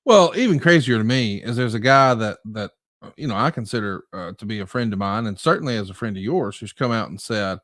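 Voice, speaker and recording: A man's voice: lowish voice, expressive, brisk, fairly bright tone, no echo. A man from the United States hosting a podcast, talking in a conversational, emphatic way. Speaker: podcast host. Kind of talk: casual podcast chat.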